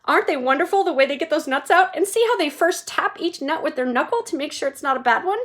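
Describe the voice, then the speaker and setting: A woman voicing an eccentric, excitable male candy maker who talks briskly and theatrically. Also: high-pitched, pitched above the performer's own voice. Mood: explaining.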